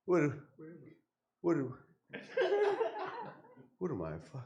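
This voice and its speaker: A man voicing a New Jersey mafia boss high on mushrooms, mumbling and stammering the same words over and over. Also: big pitch swings, drawn-out words, creaky, muffled recording, a crowd in the background, exaggerated voice. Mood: dazed.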